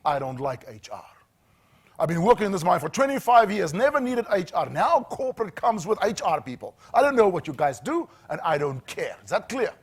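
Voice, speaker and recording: A man's voice: mid-range voice, very animated, fast, pitched below the performer's own voice. A man barking as a furious old mine boss. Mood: stern. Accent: South African. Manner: screaming, barking orders. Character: furious grumpy older male mine boss.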